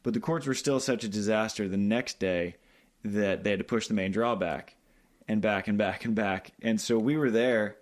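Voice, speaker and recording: Podcast host guy, fairly low voice, just chatting easy. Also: moderate pace. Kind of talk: casual conversation.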